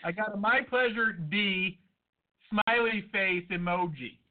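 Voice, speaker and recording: High-voiced man ranting, tinny sound. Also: measured pace. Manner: ranting and profane. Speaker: podcast co-host. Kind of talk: casual chat. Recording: tinny phone-like audio.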